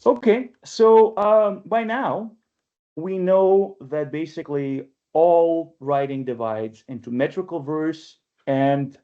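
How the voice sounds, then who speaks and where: A man leading an online poetry workshop in a conversational lecturing style, often checking in with listeners and slowing down to read verse aloud. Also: on the high side, clean tone. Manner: chatty, often checks in with "right?"; reads verse aloud slowly and deliberately. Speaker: workshop leader and press editor. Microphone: webinar computer mic. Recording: dull lo-fi webinar audio.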